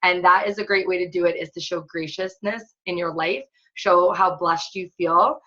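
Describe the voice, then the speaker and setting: A woman's voice: on the low side, normal speed, bright, forceful tone, dull audio. A woman fitness coach leading a casual online training webinar, chatty and upbeat with lots of filler words.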